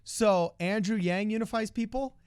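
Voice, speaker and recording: Man, podcast co-host, laid-back, joking, smooth voice, dry close sound. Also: high voice, moderate pace, a little mellow, dry recording. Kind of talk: casual political chat.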